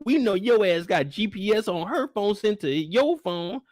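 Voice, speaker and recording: A young man hosting a live after-show recap, talking in an animated, incredulous and profane way. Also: sits high, a little slow, dry recording. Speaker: host.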